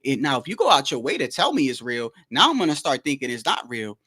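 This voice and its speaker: A man hosting his own boxing channel, talking in a loose, animated rant that stumbles, repeats itself and swears. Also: mid-range voice, quick pace, slightly rough. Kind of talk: casual commentary.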